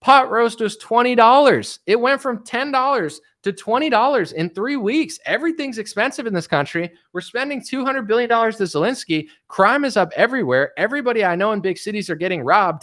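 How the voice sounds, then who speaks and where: A man's voice: high voice, lively intonation, fast, few pauses, fairly bright tone. A man giving a casual, rambling rant as a streamer. He often stumbles, repeats words and restarts sentences. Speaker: political commentary streamer.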